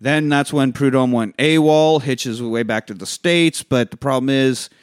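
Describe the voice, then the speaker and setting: A man in casual podcast chat, recapping a film with lots of energy and cursing as he goes. He acts out the characters' lines in quick bursts. His voice sits in a middle range and sounds close and dry, with no room around it. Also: medium pitch, clean tone, dry recording. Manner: animated, acts out characters' lines while retelling, swears a lot. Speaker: podcast co-host.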